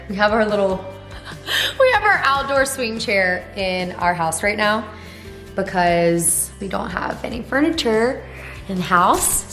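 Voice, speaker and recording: A woman in her twenties chatting casually to camera from her home, bubbly and playful, with asides to her viewers. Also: medium pitch. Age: 20s. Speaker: vlogger. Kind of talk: casual vlog chat to camera. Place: home in Dallas, in a swing chair.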